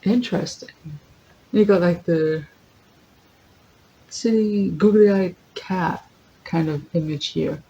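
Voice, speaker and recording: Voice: medium pitch, slow pace, gravelly, long pauses, warm tone, dull audio. A tarot reader giving a casual general reading, thinking aloud, correcting themselves, laughing easily and reading lists from a guidebook. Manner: chatty, thinks aloud, often corrects itself.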